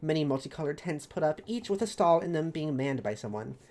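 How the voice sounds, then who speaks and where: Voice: mid-range voice, sing-song, brisk, darkish tone. A streamer reading a story recap of a tabletop campaign, chatty and rambling. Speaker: streamer narrating campaign lore.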